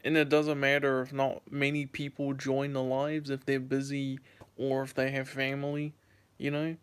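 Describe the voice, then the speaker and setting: A medium-pitched, smooth, monotone voice at a moderate pace comes from a young man in his late teens from the US. He's on a phone livestream, chatting casually, rambling and repeating himself as he replies to chat.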